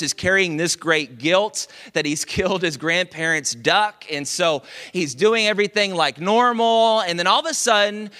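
A man preaching a sermon, telling a story in a lively, conversational way with dramatic pauses. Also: high voice. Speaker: pastor.

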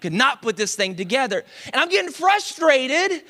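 A man from Dallas, preaching a storytelling sermon, animated and self-mocking, with confiding asides to the congregation. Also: extremely high pitch, moderate pace. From Dallas, Texas. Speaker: pastor. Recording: long reverb of a big hall.

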